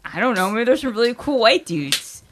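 A woman's voice: fairly high pitch, sing-song, a bit bright. Sarcastic woman co-hosting a podcast. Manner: quick, sarcastic comebacks. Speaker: podcast co-host. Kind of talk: casual podcast banter.

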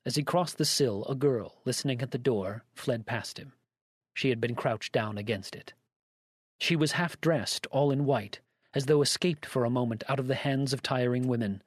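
A man narrating a story aloud in a measured, even reading voice. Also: mid-range voice, breathy edge, dry recording, studio quality. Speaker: audiobook narrator.

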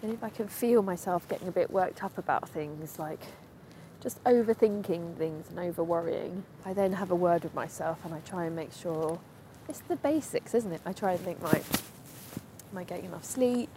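A woman's voice: lowish voice, normal speed, warm tone, a little hiss or hum, low-quality recording. A woman, a podcast host, talking in a rambling, chatty way while walking outdoors through a park in the rain, laughing at herself now and then. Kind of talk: casual spoken monologue while walking.

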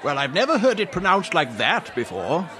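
A man's voice: a little high, huge pitch swings, normal speed, a crowd in the background. A man playing a snooty, fussy diner with a pompous, sniffy manner.

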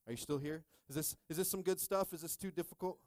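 A man's voice: fairly high pitch, fast talker, dry recording. Fired-up male pastor preaching. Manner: energetic, repeatedly asking "are you with me?". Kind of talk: sermon.

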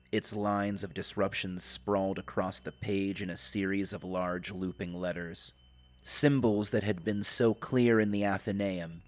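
A man giving steady, measured scripted narration of an audiobook. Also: low-pitched.

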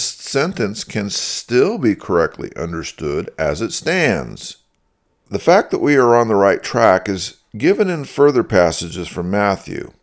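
A man reading a prepared Bible teaching in a measured, methodical way, marking each quotation aloud. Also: fairly low pitch. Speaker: Bible teacher answering critics. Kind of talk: scripted reading.

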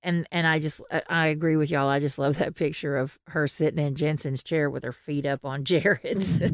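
A woman's voice: low-pitched, a little slow, dry recording, studio quality. A woman hosting a casual podcast chat, reading fan posts aloud and laughing often. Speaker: podcast host.

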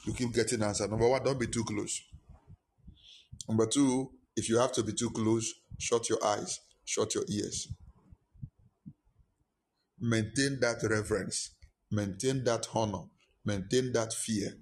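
A male pastor, preaching a sermon with impassioned repetition and sudden high-pitched emphasis. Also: slight background noise.

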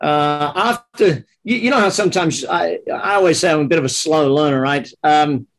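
A man's voice: on the high side, moderate pace. Middle-aged Australian man telling stories. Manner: relaxed storytelling with fillers. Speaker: guest, business coach founder. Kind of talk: interview conversation.

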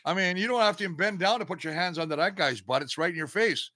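A man's voice: high voice, fast, no room sound, clean studio sound. A middle-aged man, a former player analyzing football, telling stories emphatically. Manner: animated storyteller, emphatic. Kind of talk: casual sports talk.

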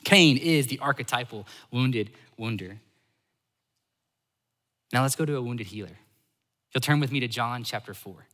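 A man preaching a sermon as a pastor, animated, switching between loud emphasis and soft asides. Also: mid-range voice, measured pace, pauses often, in a large hall.

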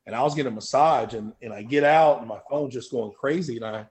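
Animated storytelling man, swearing freely. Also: medium pitch, quick pace. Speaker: guest powerlifter. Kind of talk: casual storytelling.

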